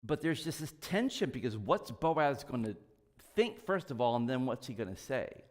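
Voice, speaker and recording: Male pastor, mid-pitched, folksy sermon delivery, long church reverb. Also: sing-song, moderate pace. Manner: conversational, folksy preaching with asides and small jokes. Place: church sanctuary.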